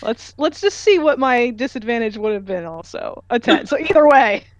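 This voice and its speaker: A young woman playing a tabletop game, chatting in a relaxed way and laughing often. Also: on the high side, moderate pace, dry recording. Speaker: player. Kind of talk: casual tabletop play.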